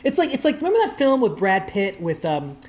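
Animated man guest, chatty and quick. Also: sits high. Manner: animated, fast, full of "like" fillers. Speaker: guest, culture writer. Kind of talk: casual podcast chat.

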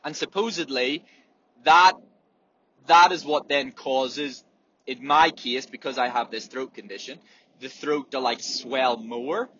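A man's voice: mid-range voice, a little slow, fairly bright tone, slightly rough, highs cut off. A man, a runner talking candidly and swearing freely in a casual monologue, acting out breathing sounds as he explains.

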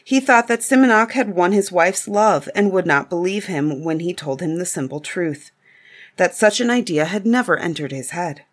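Lady reading an old fairy tale, calm and even, lowish voice. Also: moderate pace. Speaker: storyteller. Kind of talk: storybook reading.

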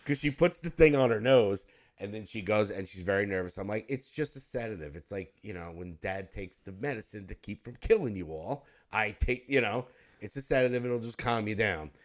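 A man's voice: lowish voice, lively intonation, fairly quick. A man co-hosting a podcast in casual chat, a rambling storyteller who laughs and curses freely. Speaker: podcast co-host.

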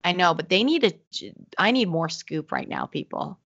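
Chatty excitable woman podcast co-host. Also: on the low side, moderate pace, slightly rough, lo-fi sound. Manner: chatty, excitable, laughs often. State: hoarse from illness. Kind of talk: casual chat.

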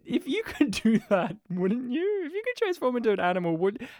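A man co-hosting a podcast in casual chat, animated and full of questions. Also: very high voice, a little fast, dry recording, studio quality. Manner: animated, asks lots of questions. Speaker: podcast co-host.

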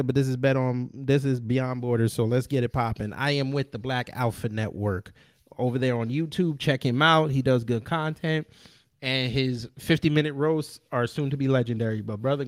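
A man's voice: mid-range voice, no room sound, clean studio sound. A man hosting a podcast, brash and joking, with slangy casual banter. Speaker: podcast host.

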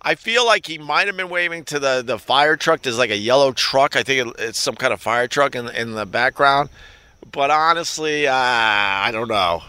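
Male stream host, bright edgy voice, rambling and foul-mouthed, reads chat aloud. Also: medium pitch, moderate pace, smooth, dry recording. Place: New York.

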